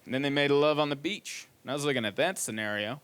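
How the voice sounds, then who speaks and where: A man doing stand-up, telling a story with animated mock exasperation on a comedy club stage. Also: mid-range voice, quick pace, background noise.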